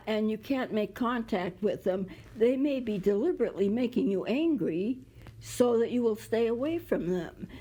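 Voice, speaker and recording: A woman's voice: medium pitch, warm tone, breathy edge, rough recording. A woman hosting a community TV talk show, explaining ideas with everyday examples and stopping now and then to cough. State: coughing at times. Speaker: show host.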